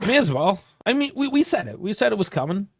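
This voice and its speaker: A man co-hosting a casual sports podcast, laid-back and measured, laughing easily. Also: high voice, sing-song, no echo, clean studio sound. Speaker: podcast co-host.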